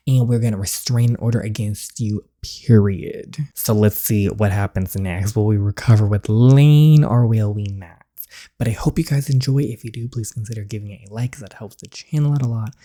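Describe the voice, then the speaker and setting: A man's voice: fairly low pitch, moderate pace, dark tone. A man hosting a let's play, giving dramatic, sassy reactions as he comments on a story game.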